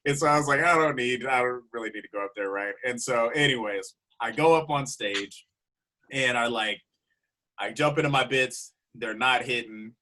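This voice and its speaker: Comic guy spinning a story, bright punchy voice, laughs a lot. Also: medium pitch, normal speed. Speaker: comedian guest. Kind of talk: casual storytelling chat.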